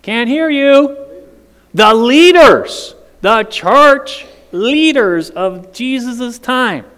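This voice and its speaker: A high, clear male voice preaching slowly and dramatically, throwing questions out to the congregation. The sound rings with a long church-hall reverb. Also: animated, fairly bright tone. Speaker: pastor. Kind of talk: sermon.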